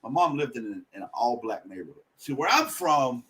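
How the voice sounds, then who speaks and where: Podcast guest, male, husky voice with lively swings in pitch, blunt and profane storyteller. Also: brisk. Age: adult. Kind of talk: candid personal storytelling.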